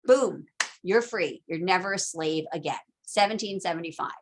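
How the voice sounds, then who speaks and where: A woman's voice: fairly low pitch, a little fast, noisy background. A woman teaching a casual recorded lecture, chatty and full of asides and fillers.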